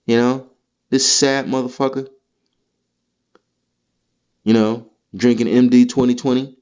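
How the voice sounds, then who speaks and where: A man's voice: mid-range voice, measured pace, pauses often, darkish tone. A man hosting a podcast, delivering a heated, profane, rambling comedic rant. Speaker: podcast host. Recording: dull lo-fi recording.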